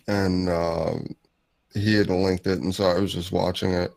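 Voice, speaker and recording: Blunt, low-voiced guest, man. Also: level tone, measured pace, creaky, darkish tone, dry recording. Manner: blunt, laid-back, swears freely. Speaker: podcast guest. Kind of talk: casual chat.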